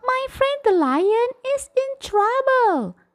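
A woman voicing a tiny frightened male mouse in a bedtime story, high and squeaky. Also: big pitch swings, slow, a little mellow, heavily acted. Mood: alarmed.

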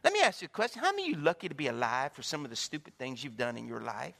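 A preacher telling stories in a sermon, calling out to the congregation and acting out the people in them. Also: male voice, mid-range voice, rapid-fire, vocal fry. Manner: animated, calls out to the congregation, acts out the people in his stories. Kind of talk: sermon with storytelling. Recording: echoey hall with long reverb.

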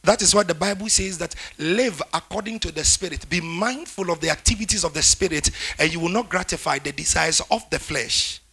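High voiced guy preaching, husky and gravelly, emphatic. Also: a little fast, few pauses. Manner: emphatic, rising to loud declarations with laughter. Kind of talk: sermon.

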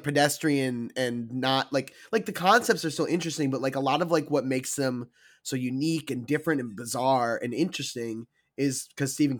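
A podcast co-host rambling through casual film chat with many fillers. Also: mid-range voice.

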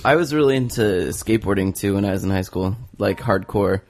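A man with a somewhat low voice, chatting casually on a comedy podcast. He tells his story loosely, with lots of fillers and restarts. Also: fairly quick, a little mellow. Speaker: podcast co-host. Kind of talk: casual chat.

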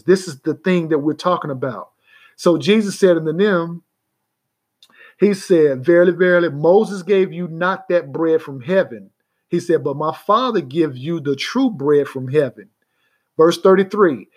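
A man preaching a sermon on a broadcast, reading scripture aloud and often asking his listeners if they get it. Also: on the high side. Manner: reads scripture aloud, slowing down to stress key words. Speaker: radio preacher.

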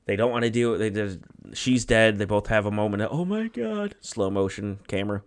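Low-voiced man rambling through a story. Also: little pitch movement, a little fast. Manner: rambling, profane storytelling with acted-out quotes. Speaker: podcast co-host. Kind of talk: casual chat, retelling a made-up story.

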